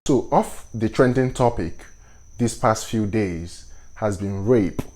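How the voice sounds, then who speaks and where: A man with a Nigerian accent, whose first language is Igbo, hosting a vlog and giving commentary on current events in a measured, deliberate and earnest way. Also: fairly low pitch, darkish tone, a little hiss or hum. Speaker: host.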